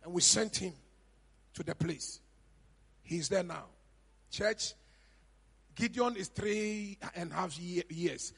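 A man with a Ghanaian accent, a pastor preaching a sermon, rising to high shouts and falling to quiet murmurs. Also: slow, creaky, long pauses, husky. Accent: Ghanaian English. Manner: preaching, shouts to a high pitch then drops to a low murmur. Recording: reverberant church hall with music behind.

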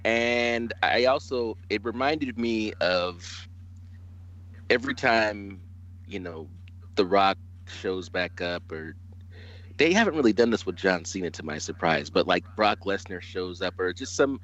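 An excitable man from California hosts the chat in a lowish voice, laughing and swearing freely. The sound is slightly dull and lo-fi. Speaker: podcast host. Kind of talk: casual podcast chat.

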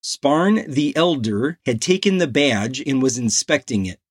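A man narrates a crime novel in a slow, deliberate reading. His voice has a husky edge at a middle pitch. The sound is dry and close, with no room around it. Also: animated, no echo. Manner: slow, measured reading with quoted dialogue. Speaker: audiobook narrator.

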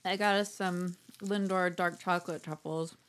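A young woman keeps things playful on a casual podcast, tossing in "like" constantly and acting out tiny scenes. Her voice sits a touch low for a woman, easy and conversational. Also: steady tone, normal speed, fairly bright tone. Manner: playful, uses lots of "like", acts out little scenes. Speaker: podcast co-host. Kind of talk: casual chat.

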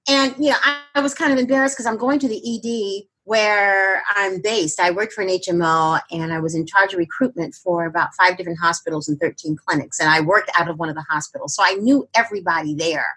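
Older lady, kinda husky voice, rambling through a personal story with lots of ums. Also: medium pitch, a little fast, few pauses, a bit bright, low-quality recording. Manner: rambling, with many fillers and restarts. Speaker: interview guest.

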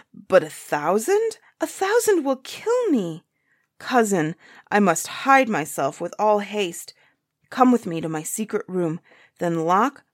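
A woman voicing a boastful, cowardly three-headed male giant in a storybook reading, booming and blustering. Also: dry recording, clean studio sound. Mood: terrified.

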